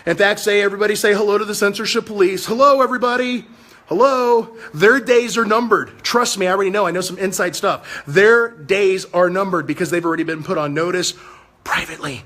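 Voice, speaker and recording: A man's voice: high voice, a little fast, fairly bright tone. A man in his fifties hosting a political livestream, talking in a fiery, combative, preaching way. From United States. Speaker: livestream host.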